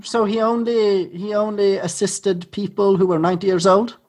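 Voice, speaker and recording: A man's voice: high voice, little pitch movement, normal speed, a little mellow. A man co-hosting a podcast, asking dry, teasing questions in casual chat. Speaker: podcast co-host.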